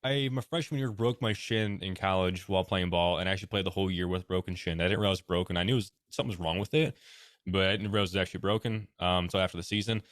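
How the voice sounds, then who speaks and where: A man's voice: deep voice, rapid-fire, fairly bright tone, no room sound, clean studio sound. A young man in his twenties, a bat company founder, talking casually and emphatically as an interview guest. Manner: earnest, emphatic advice-giving.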